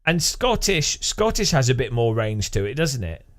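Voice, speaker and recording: Chatty man, lively voice. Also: medium pitch, normal speed. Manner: chatty, laughs often, imitates language rhythms with syllables. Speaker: streamer. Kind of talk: casual chat with live chat.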